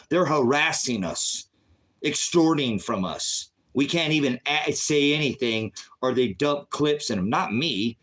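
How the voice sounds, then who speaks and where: A man preaching on his own channel, fervent and confrontational, firing off rhetorical questions and swinging between low mutters and loud outbursts. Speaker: online preacher and channel host. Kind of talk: impassioned livestream preaching.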